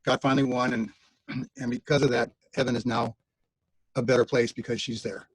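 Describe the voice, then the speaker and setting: A man giving an informal eulogy for his mother over a video call, halting, with many fillers and restarts. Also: medium pitch, level tone, slight background noise, poor audio. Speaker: son speaking at mother's online funeral.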